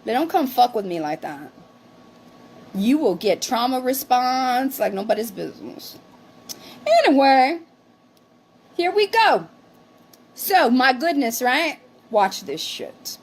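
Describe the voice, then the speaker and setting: Livestream co-host, woman, high voice, heated profane rant, defensive. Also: big pitch swings, measured pace, gravelly, slight background noise. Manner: profane, defensive, mixes in Spanish phrases.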